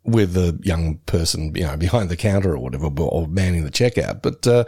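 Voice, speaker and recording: A man's voice: low voice, lively intonation, brisk, dark tone, breathy edge. A middle-aged man, co-hosting a casual podcast chat in a rambling, self-deprecating way with frequent laughs. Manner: rambling, self-deprecating, laughs often, slips into quoted voices. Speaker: podcast co-host.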